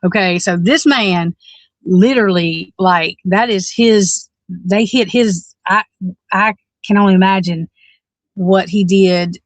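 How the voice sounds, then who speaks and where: A woman's voice: medium pitch, slow, no echo. A woman, co-hosting a true-crime podcast in a blunt, fired-up way, swearing freely and restarting her sentences. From Alabama. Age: 40s. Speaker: podcast co-host. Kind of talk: casual true-crime discussion.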